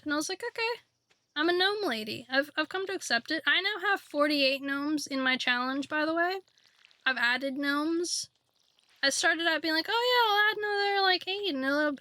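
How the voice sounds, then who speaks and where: A woman's voice: sits high, sharp tone, no room sound. A woman streaming a game, chatting in a rambling, playful way with lots of fillers. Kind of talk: casual chat while streaming a game.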